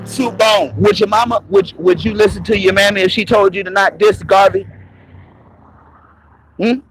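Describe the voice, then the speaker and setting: Raspy, slightly high-pitched man; streamer ranting with a combative, mocking, foul-mouthed edge. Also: fairly even intonation, moderate pace, background noise. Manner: confrontational, profane, mocking. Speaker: online commentator. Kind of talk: live-streamed rant. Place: moving around on the go, patchy signal.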